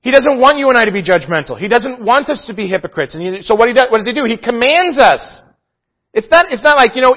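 A man delivers a lively sermon, his voice swinging up high for emphasis and dropping low for quiet points. He keeps checking in with his listeners. The recording sounds muffled and lo-fi. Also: brisk. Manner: animated preaching, frequent "okay?" asides. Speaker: pastor.

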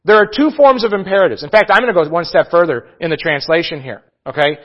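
A man delivers a lively sermon, his voice swinging up high for emphasis and dropping low for quiet points. He keeps checking in with his listeners. The recording sounds muffled and lo-fi. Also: quick pace. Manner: animated preaching, frequent "okay?" asides. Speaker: pastor.

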